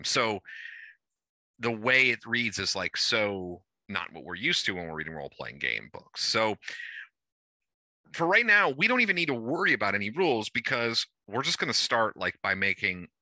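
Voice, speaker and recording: A man with a lowish voice and a very bright, sharp, tense edge lays out game rules over an online call. He talks casually and rambles, circling back and restarting his sentences as he works out what to say. The sound is dry and close, with no room echo. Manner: rambling, thinks aloud with restarts. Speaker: game organizer.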